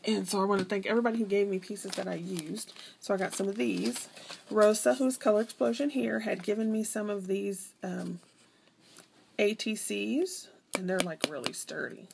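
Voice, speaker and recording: Casual craft-vlog woman, gravelly and chatty, rambling show-and-tell, slight background hiss. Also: mid-range voice, normal speed, darkish tone. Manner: chatty, rambling, self-correcting. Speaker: craft vlogger.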